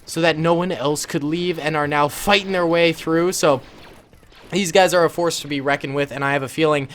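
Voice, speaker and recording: Man, casual game commentary, laid-back, enthusiastic, slightly high voice, faint background noise. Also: steady tone, moderate pace, a bit bright. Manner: laid-back, enthusiastic, chatty with many ums. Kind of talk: casual battle simulator commentary.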